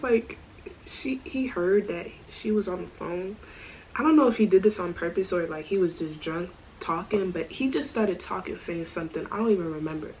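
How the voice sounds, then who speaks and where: A woman telling a storytime vlog in a casual, animated way, full of slang and asides. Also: on the low side, a little hiss or hum, poor audio. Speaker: storytime vlogger.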